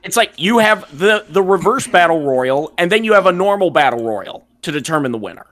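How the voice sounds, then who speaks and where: A man co-hosts a casual podcast and talks in a dry, matter-of-fact way. He is blunt, and his voice sits a little high. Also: big pitch swings, brisk, a bit bright. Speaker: podcast co-host.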